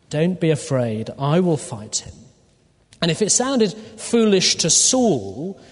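A man preaching a sermon through a Bible passage, deliberate and full of rhetorical questions to his listeners. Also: on the high side. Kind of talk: expository sermon. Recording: long hall reverb.

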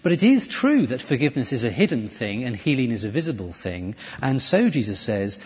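A man preaches in a church with a husky, animated voice that swings widely in pitch. His talk is conversational, with many restarts. The sound is dull and carries a long reverb from the hall. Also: brisk, few pauses. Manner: lively, conversational preaching with self-corrections. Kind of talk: sermon.

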